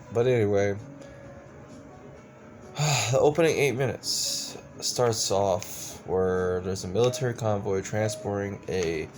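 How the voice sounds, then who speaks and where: A man's voice: sits low, darkish tone. A man reviewing a movie in a casual rant, exasperated and profane, rambling with lots of restarts. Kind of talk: casual ranting film review.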